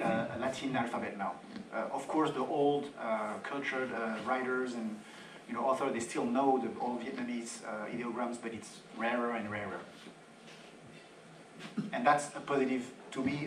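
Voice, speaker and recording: A man's voice: medium pitch, a little hiss or hum. A man from France giving an informal public talk to an audience in a church fellowship hall, with joking asides. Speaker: guest speaker. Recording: roomy hall sound from a distant mic.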